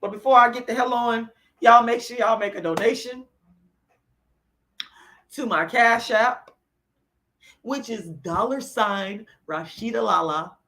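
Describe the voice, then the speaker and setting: A woman's voice: on the high side, a little slow, long pauses, fairly bright tone. A woman on a livestream answering her chat, moving between lecturing and blunt, profane venting as she gets worked up. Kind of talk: heated livestream rant.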